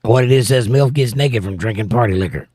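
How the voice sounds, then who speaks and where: A man's voice: medium pitch, a little fast, darkish tone, dry recording, clean studio sound. A middle-aged man hosting a livestream, reading viewer comments aloud in casual chat with wry joking asides. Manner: wry, joking asides between read-outs. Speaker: livestream host.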